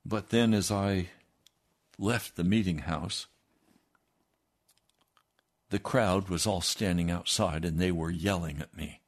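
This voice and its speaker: A man reading a first-person memoir aloud in a steady storytelling manner. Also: deep voice, slow pace, long pauses. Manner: steady storytelling with lively acted quotes. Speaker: reader.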